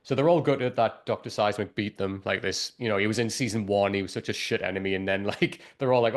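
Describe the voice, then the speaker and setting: A man's voice: on the low side, fast talker, few pauses. A man hosting a casual show review, rambling with lots of "like" and the odd swear word. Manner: rambling, heavy use of fillers and profanity. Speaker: podcast host.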